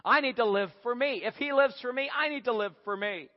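A preacher puts on a smug, self-absorbed cat, drawling that everything exists for it. The voice runs high for a man. It comes through a dull, lo-fi recording with a long hall echo. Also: fairly quick. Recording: echoey hall, dull lo-fi sound.

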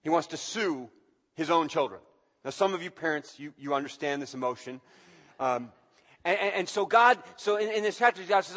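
A man preaching a sermon in a church, animated and lively, acting out quotes in a raised voice. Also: a little high, moderate pace, in a large hall. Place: church service.

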